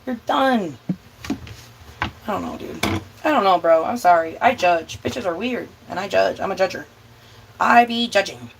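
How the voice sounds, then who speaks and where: A woman's voice: medium pitch, expressive, measured pace, gravelly, long pauses, a little hiss or hum, rough recording. A young woman hosting a cooking vlog, ranting bluntly and with lots of swearing, sometimes stretching her words out for emphasis. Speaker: vlog host. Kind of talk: casual ranting chat while cooking.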